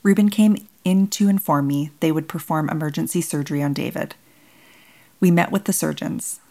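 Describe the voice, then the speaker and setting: A woman narrating her own memoir as a mother, in measured, solemn, short plain sentences. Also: deep voice, gravelly, mellow. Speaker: bereaved mother telling her story. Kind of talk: first-person memoir narration.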